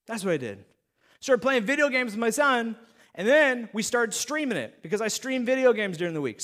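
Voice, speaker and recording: A male pastor giving a sermon, telling stories and talking straight to the audience with lively energy. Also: high voice. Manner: animated storytelling, talks straight to the audience.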